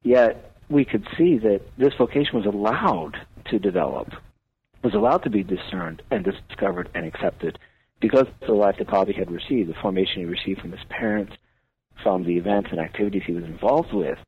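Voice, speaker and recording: A man's voice: lowish voice, lively intonation, brisk, husky. A man, a priest, talking earnestly on a radio talk show with a preaching cadence. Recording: tinny phone-line radio audio.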